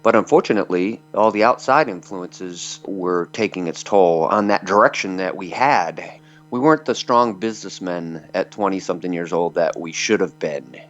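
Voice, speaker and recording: A Michigan metal singer in his fifties, with a low voice and moderate pace, tells rambling, filler-heavy anecdotes during an interview. Faint music plays behind him, and the audio is dull and lo-fi.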